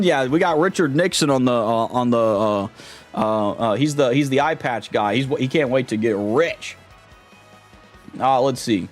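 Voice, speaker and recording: A laid-back man chatting on a live game stream, slangy and easygoing, greeting viewers as he plays. His voice sits at an ordinary middle pitch, with faint game music behind. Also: measured pace. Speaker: livestreamer. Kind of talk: casual live-stream chat.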